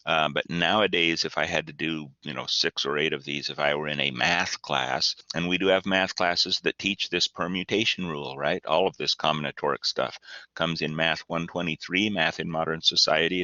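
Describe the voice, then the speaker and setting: Male math teacher, very low voice with a bright edge, folksy lecture delivery, dull dry lo-fi recording. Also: dry recording. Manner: chatty, folksy asides, acts out student dialogue.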